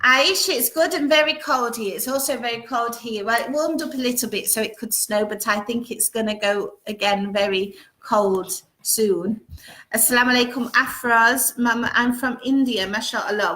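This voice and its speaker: A woman's voice: on the high side, moderate pace, bright, forceful tone. A woman hosting a casual live-stream chat from home, greeting viewers one by one and reading out their comments. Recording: roomy echo.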